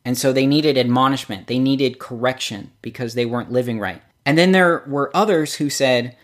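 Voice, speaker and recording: A man's voice: medium pitch, normal speed. A man preaching a sermon, telling stories and acting out the quotes he gives. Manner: storytelling, acts out quotes with lively shifts. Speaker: pastor.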